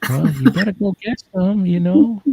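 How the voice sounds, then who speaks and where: A blunt, cheery old lady neighbor, as a gravelly-voiced man quotes her in a plain, matter-of-fact voice that sits slightly higher than his own. She delivers everything teasingly. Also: lively intonation, normal speed, mellow, dry recording, full character voice. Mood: amused blunt.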